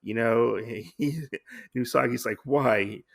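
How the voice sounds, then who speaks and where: Gravelly, bright-voiced man rambling through a recap. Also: lowish voice, unhurried. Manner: rambling, lots of filler. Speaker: podcast host. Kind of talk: casual comic book recap.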